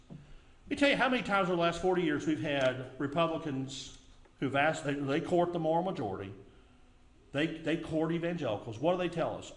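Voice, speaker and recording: A middle-aged man preaches a sermon in an earnest, chatty way and often repeats himself. His voice sits a little high. The sound carries the echo of a church sanctuary. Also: animated, moderate pace, pauses often. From United States. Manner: earnest, conversational preaching with repetitions. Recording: echoey church room.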